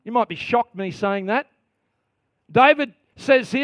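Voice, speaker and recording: A middle-aged man preaching a sermon, telling stories that swing from quiet asides to loud bursts. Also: extremely high pitch, a little slow, dry recording. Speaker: pastor.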